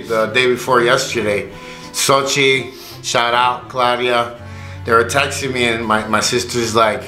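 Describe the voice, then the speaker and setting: A young man co-hosts in casual chat, relaxed and teasing, asking follow-up questions in a bright voice. His voice echoes in the room, with faint music underneath. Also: mid-range voice. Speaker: vlog co-host.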